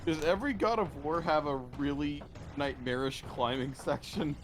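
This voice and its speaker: Brief: teasing man, slightly high, casual chat away from the mic. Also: normal speed, slight background noise. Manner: playful, teasing.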